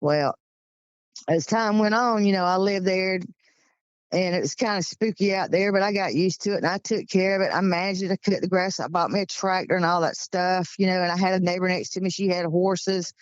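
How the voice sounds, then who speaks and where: A woman's voice: on the low side, a little fast, clear, resonant tone, no room sound, lo-fi sound. A woman in her sixties with a Georgia accent, telling a story in a chatty, rambling, folksy way. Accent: Southern US, Georgia. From Georgia, USA. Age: 60s. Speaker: guest recounting encounters. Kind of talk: casual storytelling.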